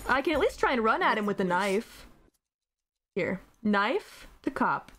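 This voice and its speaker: Playful young woman streamer, lively voice. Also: a little high, moderate pace, a little hiss or hum. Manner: playful, teasing, laughs often, swears. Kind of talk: casual gameplay commentary.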